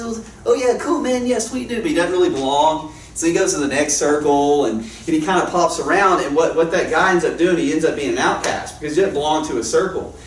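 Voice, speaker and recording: A man with a medium-pitched voice, appearing as a guest worship leader, entertains an audience with casual, rambling anecdotes that laugh at himself. The sound is distant and echoey, with faint ambience and slight background noise.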